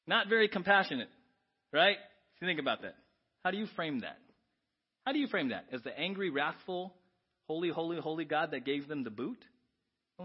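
Animated male preacher, lively pitch. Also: husky, highs cut off. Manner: animated preaching, quoting scripture, asking the congregation questions. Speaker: pastor. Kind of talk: sermon.

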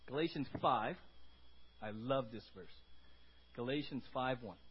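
A man's voice: mid-range voice, unhurried, highs cut off, a little hiss or hum. A male pastor giving an emphatic sermon at a church service, asking the congregation questions. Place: church service before communion.

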